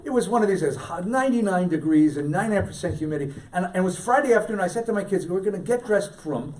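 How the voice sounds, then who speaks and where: A middle-aged man, a rabbi, giving a lively lecture full of anecdotes and jokey asides, and repeating his key lines for emphasis. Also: high voice, fast, far from the mic. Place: synagogue hall.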